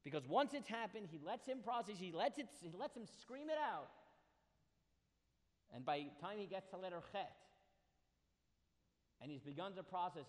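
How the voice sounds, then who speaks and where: A man teaching a Bible class. He reads Hebrew verses and translates them, and his delivery swings between hushed and loud. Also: high voice, sing-song, normal speed, pauses often, big-room sound. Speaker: Torah teacher.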